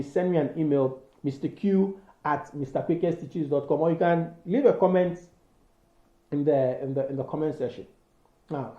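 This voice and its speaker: A man's voice: on the high side, dark tone. Man teaching poetry, loose and unscripted. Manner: loose and unscripted, with frequent fillers and restarts. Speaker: English literature teacher. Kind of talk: spoken poetry analysis lesson. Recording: roomy, dull lo-fi recording.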